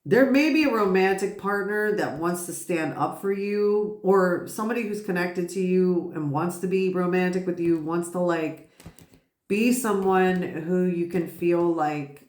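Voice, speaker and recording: A woman's voice: fairly low pitch, measured pace, a little mellow, echoey room. Woman doing a giggly, rambling tarot reading. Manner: rambling, swears, bursts out laughing. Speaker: tarot reader.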